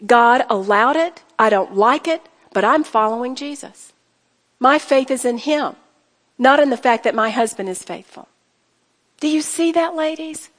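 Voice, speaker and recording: Woman, Bible teacher, earnest and emphatic, fervent declarations, fairly high pitch, long hall reverb. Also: animated, measured pace. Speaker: women's retreat speaker.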